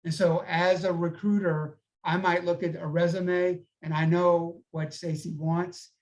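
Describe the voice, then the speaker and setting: On a low-quality recording, a recruiter with a fairly high, level, slightly mellow voice speaks a little slowly. He gives conversational career advice on a panel, frequently checking in with his listeners by asking "okay?"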